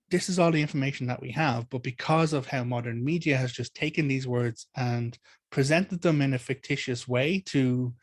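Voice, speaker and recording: A man with an Irish accent, teaching mythology in an animated, discursive Q&A talk, full of restarts and asides. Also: medium pitch, moderate pace, no room sound. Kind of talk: community Q&A talk.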